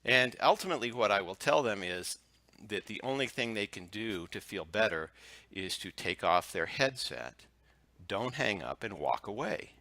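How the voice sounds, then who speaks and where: A man, a hypnotist, telling anecdotes in a relaxed, chuckling way during a casual interview over a video call. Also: on the low side, normal speed, no echo. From United States. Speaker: hypnotist guest.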